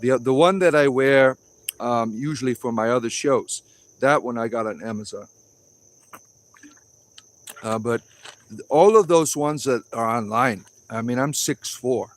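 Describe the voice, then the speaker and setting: A livestream host reads chat outdoors in a wooded grove, answering viewers bluntly and offhandedly in an ordinary middle-pitched voice. He's unhurried, with long pauses, and slips into preachy little sermons.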